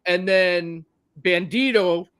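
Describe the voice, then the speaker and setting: A man's voice: high voice, slow, a bit bright, smooth. A man co-hosting a wrestling podcast, recapping matches in a rambling, profane way with plenty of fillers. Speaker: podcast co-host. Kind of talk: casual wrestling chat.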